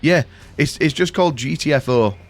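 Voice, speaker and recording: A man's voice: on the high side, moderate pace. A young British man chatting casually with his live-stream viewers, swearing freely and calling them mate. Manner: chatty, sweary, addresses chat as boys and mate.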